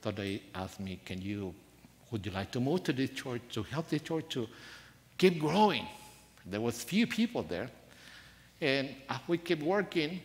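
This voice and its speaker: A man preaching a sermon in a church, soft-spoken and earnest, telling a personal story with rising emphasis. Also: medium pitch, very animated, unhurried. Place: church sanctuary. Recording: church hall reverb.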